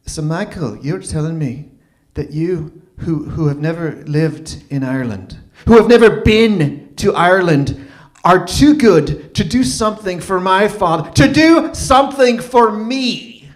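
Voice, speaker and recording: A bitter young Irish woman, her voice climbing high and stretching each word as her indignation builds, as a male storyteller puts her on. Loud, slow and piercing, told live on stage. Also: expressive. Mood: furious.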